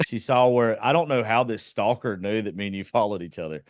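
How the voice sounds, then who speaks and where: A man's voice: lowish voice, fairly quick, no room sound, studio quality. A man with a Southern American accent from South Georgia, hosting a podcast in a loose, profane, drawling way. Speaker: podcast host. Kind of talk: casual podcast chat.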